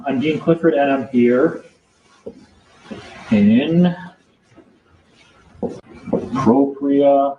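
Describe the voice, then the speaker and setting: A man's voice: mid-range voice, extremely slow, long pauses, dark tone, dull audio, a little hiss or hum. A man giving a casual talk to a small group, rambling and repeating himself as he acts out exchanges in court. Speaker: seminar speaker.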